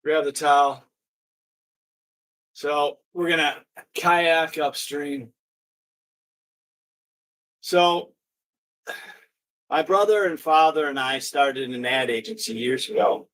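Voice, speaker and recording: Man, middle-aged, exercise instructor, encouraging, video call, fairly high voice. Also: slow pace, pauses often, fairly bright tone. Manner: upbeat, encouraging, storytelling between cues. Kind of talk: online exercise class with chat.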